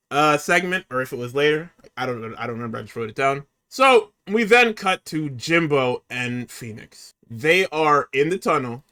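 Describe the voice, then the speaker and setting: A man hosting a casual podcast, recapping a show in an exasperated, profane and animated way. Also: a little high, clean tone. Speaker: podcast host recapping wrestling.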